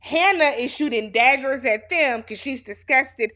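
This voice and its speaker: A woman's voice: high voice, unhurried, sharp tone. A woman hosting a casual reality show recap, sassy and speaking straight to the cast as if they could hear her.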